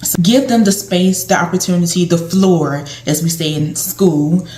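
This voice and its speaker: Woman, caregiver sharing advice. Casual vlog delivery, slightly low pitch, echoey room sound. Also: moderate pace, warm tone. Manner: conversational, repeats and restarts phrases. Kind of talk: casual advice talk to camera.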